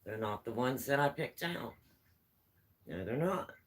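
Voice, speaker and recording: A woman's voice: a bass voice, lively intonation, a little slow, low-quality recording. A woman vlogger chatting at home, telling homespun stories in a rambling, easygoing way. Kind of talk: casual storytelling chat.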